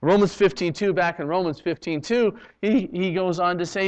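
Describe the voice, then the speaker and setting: A male pastor from Canada preaching a sermon, swinging from loud, emphatic lines to hushed ones, on a dull lo-fi recording. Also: sits high, moderate pace, hardly any pauses, clean tone.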